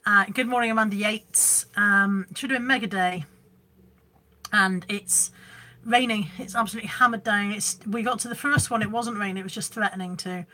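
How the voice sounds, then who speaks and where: A woman with a mid-range, sharp-toned voice speaks at a moderate pace while hosting a reseller live stream from home on her phone camera. Chatty and a bit scattered, she reads comments aloud and rambles slightly.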